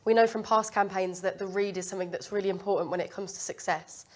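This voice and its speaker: A woman from a media agency speaking on a business panel about a campaign, measured and with some fillers. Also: medium pitch, fairly even intonation.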